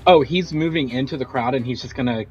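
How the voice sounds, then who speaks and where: A man's voice: mid-range voice, fast talker, darkish tone, muffled recording. A young man playing a tabletop game who explains his character's moves in an eager, rambling way. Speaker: player. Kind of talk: casual tabletop play.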